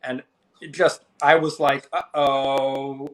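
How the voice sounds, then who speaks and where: Guest: thirties man, casual storyteller, lively when quoting others. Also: slow. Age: 30s. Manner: animated, acts out quoted people with rising pitch. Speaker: interview guest, finance creator.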